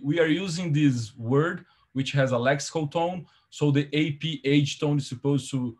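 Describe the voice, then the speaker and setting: Guy giving an academic seminar, bit husky, lots of ums and restarts as he explains. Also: medium pitch, a little mellow. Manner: careful, halting explanation with frequent fillers and self-corrections. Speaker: seminar presenter.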